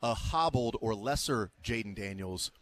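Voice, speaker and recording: Sports radio host, male, lowish voice, dry humor, on-location live show. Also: animated, fairly bright tone. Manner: wry, joking, quick asides. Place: remote broadcast at an arena media day.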